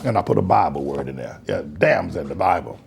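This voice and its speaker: A male pastor giving mocking commentary on comments he reads aloud, laughing often and swinging between loud highs and low mutters. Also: expressive, fairly quick, gravelly, a little hiss or hum. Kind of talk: preacher's commentary reading online comments.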